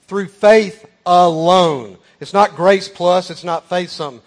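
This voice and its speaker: A man's voice: high-pitched, takes it slowly. A man preaching a sermon, telling a folksy story with emphatic repeated phrases.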